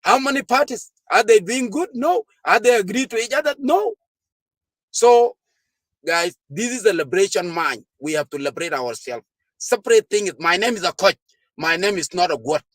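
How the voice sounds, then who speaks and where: Man, high voice, dry close sound, fiery party official asking rhetorical questions. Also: lively intonation, normal speed, fairly bright tone, no echo. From South Sudan. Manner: fervent, rhetorical questions, frequent hesitations. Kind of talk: impassioned political speech to a gathering.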